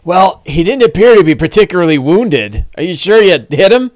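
A treacherous orc brute, wounded and wheedling, whose voice jumps up high when he taunts, as a game master puts him on. He swings his pitch around all over the place. The recording sounds close and dry. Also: big pitch swings, normal speed, no room sound. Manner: wheedling then jeering.

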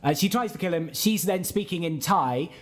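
A man talks through an old film in a loose, candid podcast chat, swearing here and there as he retells scenes. His voice sits a little high for a man. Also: normal speed. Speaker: podcast co-host. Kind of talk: casual film review chat.

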